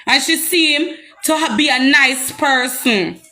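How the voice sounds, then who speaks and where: Heated Jamaican woman, high bright voice. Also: takes it slowly, soft background music. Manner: heated, confrontational, repetitive. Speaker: social media personality. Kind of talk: live-stream rant.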